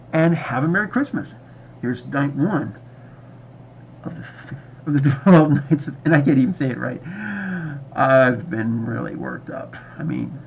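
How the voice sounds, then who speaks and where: A man's voice: mid-range voice, gravelly, a little hiss or hum. A man reviewing a TV episode in casual video chat, enthusiastic and rambling, recorded on a dull lo-fi mic. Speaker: movie reviewer.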